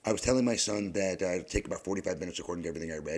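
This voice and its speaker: A middle-aged man telling a long personal story in a rambling, halting way, often sinking into a hushed whisper. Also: deep voice, husky. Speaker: podcast host.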